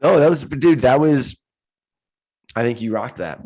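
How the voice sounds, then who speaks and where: A man co-hosting a podcast, friendly and casual, quick to laugh and calling people dude. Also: medium pitch, expressive, darkish tone, rough recording. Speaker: podcast co-host.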